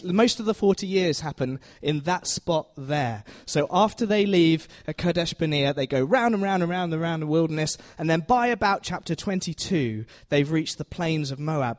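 A man giving a chatty, self-deprecating Bible teaching in a church, often asking the audience questions. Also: a little high. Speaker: preacher.

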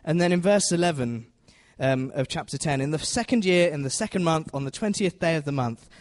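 A man's voice: on the high side, brisk. Chatty man teaching in church. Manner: chatty, self-deprecating, asks the audience questions. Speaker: preacher. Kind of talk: informal Bible teaching.

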